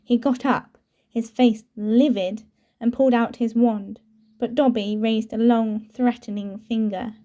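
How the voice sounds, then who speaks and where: A woman reading a novel aloud with steady, clear storytelling. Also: on the high side, unhurried. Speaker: audiobook reader.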